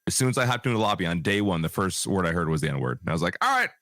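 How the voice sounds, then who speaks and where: A man co-hosting a casual gaming podcast, telling rambling anecdotes in a relaxed way. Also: low-pitched, racing, no room sound. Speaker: podcast co-host.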